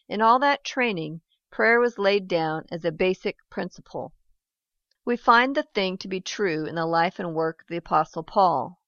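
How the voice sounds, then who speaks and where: Solemn low-voiced woman reading devotional text. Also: moderate pace, a bit bright, no echo. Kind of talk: reading a devotional book aloud. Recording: dry, slightly dull recording.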